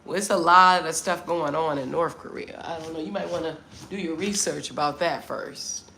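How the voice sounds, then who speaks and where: Middle-aged American woman, low and gravelly, hosting a chatty livestream and answering comments. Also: normal speed, sharp tone, slight background noise. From United States. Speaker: livestream host. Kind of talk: casual livestream chat. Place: Vietnam.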